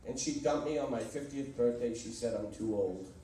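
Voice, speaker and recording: A man's voice: medium pitch, moderate pace, warm tone. A fifty-year-old man doing a brash, self-mocking stand-up comedy set in a club. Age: 50s. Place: comedy club with live audience. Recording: echoey room, mic from far off, audience noise.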